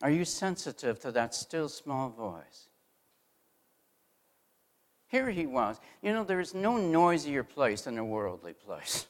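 A middle-aged man preaching a sermon, asking the congregation rhetorical questions and swinging from loud emphasis to hushed asides. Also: medium pitch, sing-song, takes it slowly, pauses often.

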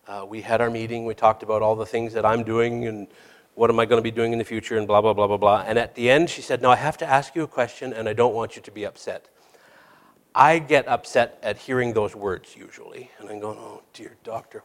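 A middle-aged man who works as a hospice chaplain, preaching a sermon in a candid, storytelling way with self-deprecating asides. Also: on the low side. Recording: long reverb of a hall.

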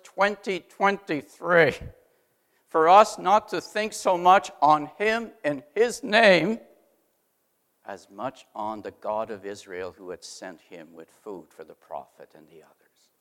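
A middle-aged man preaching a sermon, asking the congregation rhetorical questions and swinging from loud emphasis to hushed asides. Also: on the high side, sing-song, unhurried.

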